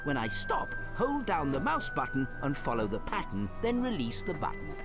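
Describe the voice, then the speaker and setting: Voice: medium pitch, huge pitch swings, normal speed. A voice actor playing a tiny, prim old male wizard professor who gives video game lessons in a sing-song voice. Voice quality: sing-song, wildly swooping delivery. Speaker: game tutor character. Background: game music.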